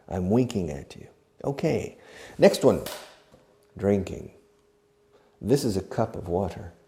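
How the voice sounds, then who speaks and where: Gravelly, slow-talking male English teacher. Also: on the low side, dark tone. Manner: acts out each verb while explaining, mixes in Spanish glosses. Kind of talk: slow demonstrative language lesson.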